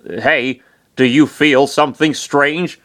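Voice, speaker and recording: Male reader as young gamer hero, near his own voice, slow earnest delivery. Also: on the high side, steady tone, a bit bright. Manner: slow, earnest, a bit sarcastic.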